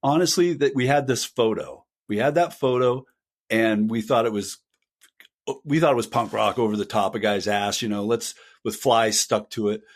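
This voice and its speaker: A man's voice: on the low side, moderate pace. An older man in a casual podcast chat, telling band stories in a rambling, self-deprecating way. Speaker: guest, punk band singer.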